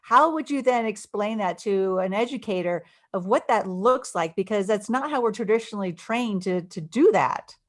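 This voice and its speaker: A woman's voice: medium pitch, lively intonation, normal speed, few pauses. A woman hosting an interview, asking thoughtful, probing questions with hesitant restarts. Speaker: interview host. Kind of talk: conversational interview.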